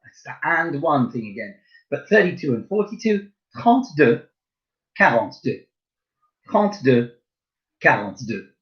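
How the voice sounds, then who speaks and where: A man's voice: medium pitch, big pitch swings, normal speed, long pauses. A man teaching a French lesson to primary pupils, chatty and encouraging, spelling words out letter by letter. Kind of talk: recorded online lesson. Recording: slightly dull lo-fi recording.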